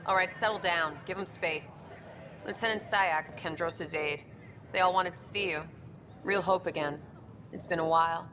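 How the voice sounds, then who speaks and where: A woman plays a brisk station officer in a video game who urges people along with encouragement. Her voice is somewhat low and her delivery is direct. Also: fairly even intonation, fairly bright tone, slight background noise, lightly acted.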